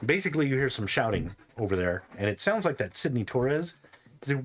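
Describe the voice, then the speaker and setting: A young adult man running a tabletop game as game master, narrating in a relaxed, rambling way with frequent laughs. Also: medium pitch, brisk.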